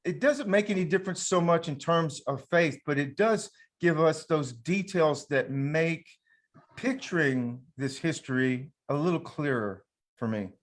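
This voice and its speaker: A man with a Southern American accent hosts a casual panel talk, his voice sitting a little high. He speaks in a folksy, conversational way, often restarting his sentences as he thinks aloud. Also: a little slow. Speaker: panel host and teacher.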